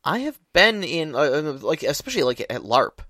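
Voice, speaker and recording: Brief: slightly high-voiced male co-host, rambling and emphatic, dry studio sound. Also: very animated, moderate pace, sharp tone, dry recording. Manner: rambling, restarts often, emphatic. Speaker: podcast co-host, larp player. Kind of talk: casual podcast chat.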